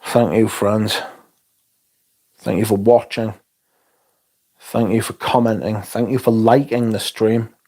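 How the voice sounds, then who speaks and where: Male streamer, lowish voice, deadpan sweary banter. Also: slow pace, long pauses. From England. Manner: blunt, sweary, dry sarcastic humour. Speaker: livestream host reviewing fragrances. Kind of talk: casual livestream chat reading comments.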